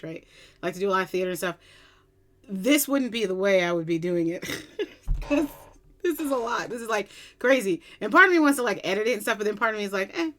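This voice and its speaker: An excitable woman from Long Island, gushing casually in a music reaction video. Her voice is bright and forward, and she breaks into giddy squeals as she talks into her computer mic at home. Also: mid-range voice. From Long Island, New York. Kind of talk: casual chat.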